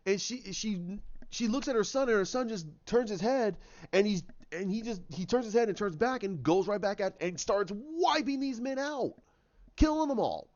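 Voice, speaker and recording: A man with a fairly high voice walks through an imagined story scene by scene, tripping over restarts and dropping in sound effects as he goes. His retelling is casual and animated. The recording sounds dull and lo-fi. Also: normal speed. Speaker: channel host.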